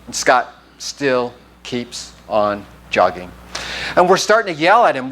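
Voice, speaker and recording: A man speaking unhurriedly at medium pitch is a pastor delivering a sermon in a church sanctuary. He animatedly recounts a personal story and plays out the dialogue himself.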